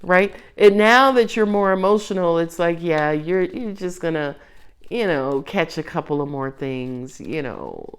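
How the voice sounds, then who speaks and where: A woman giving a casual tarot reading to her viewers, expressive and playful, coaxing them and laughing often. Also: on the low side, unhurried, clear, resonant tone. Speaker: tarot reader.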